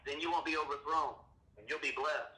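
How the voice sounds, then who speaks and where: A man's voice: fairly high pitch, a little fast, pushed and bright. A middle-aged man and father leading a Bible lesson for his kids over the phone, stern and scolding. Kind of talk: preachy scripture teaching. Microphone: phone call. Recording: echoey, distant phone recording, faint noise.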